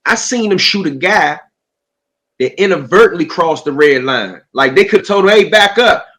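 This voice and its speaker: A man in a casual conversation recalls what he saw and asks his host questions. His voice sits high for a man, and he talks in a relaxed, reflective way. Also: normal speed.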